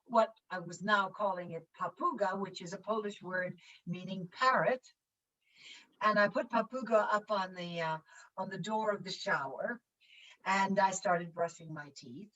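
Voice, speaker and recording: Animated older woman telling a story over a dull video call. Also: medium pitch, distant mic. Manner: animated storyteller who acts out voices and sounds. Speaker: guest actress. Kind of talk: anecdote in a virtual conversation.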